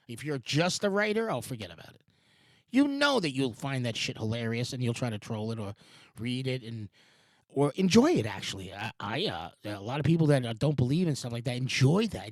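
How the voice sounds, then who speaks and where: A man in his forties rambles through a morning-show monologue, jumping between thoughts and restarting his sentences. His pitch swings around a lot, with casual swearing along the way. The sound is dry and close, with no room around it. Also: dry recording. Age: 40s. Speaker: show host.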